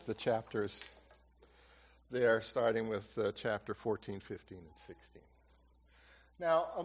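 Male preacher, slightly high voice, repeats key lines for emphasis, muffled recording in a long-echo hall. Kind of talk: sermon.

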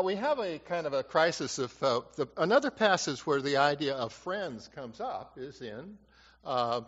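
A man's voice: mid-range voice, a bit bright. Man preaching with echoing repetition. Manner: repeats key phrases for emphasis. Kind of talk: sermon. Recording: muffled reverberant hall recording.

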